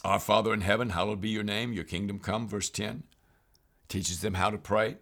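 A man, a priest, guiding listeners through weekly Bible readings in an earnest, unhurried way, reading passages of scripture aloud. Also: fairly low pitch, steady tone, fairly bright tone. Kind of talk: Bible reading guide talk.

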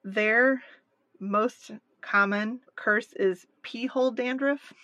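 A woman co-hosting a casual podcast, recorded dry and close with no room sound. She is wry, reads from her notes and drops deadpan jokes. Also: a little high, slow pace, dry recording, lo-fi sound. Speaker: podcast co-host. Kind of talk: casual chat.

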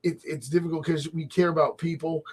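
A man hosting a casual faith talk show, animated and laughing often as he acts out little voices. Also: on the high side, a little fast, slightly rough. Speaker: host. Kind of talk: casual radio chat about faith.

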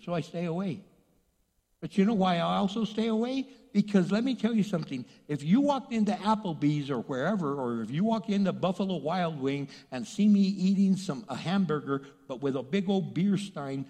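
A male pastor preaching a sermon, animated, asking rhetorical questions and acting out voices. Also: fairly high pitch, moderate pace, in a large hall.

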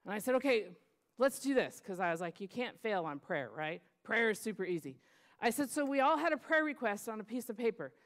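A middle-aged woman pastor telling a lively story in a sermon, acting out children's voices and laughing often. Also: medium pitch, brisk.

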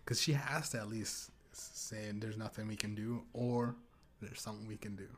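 A young podcast host with a lowish, fairly even voice talks at normal speed. In a casual rant, he tells crude, rambling stories and laughs often.

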